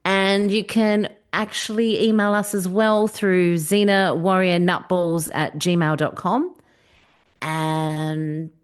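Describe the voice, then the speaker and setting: An Australian woman co-hosting a podcast, laid-back and cheeky in casual chat. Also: medium pitch. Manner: laid-back and cheeky, swears and laughs freely. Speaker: podcast co-host.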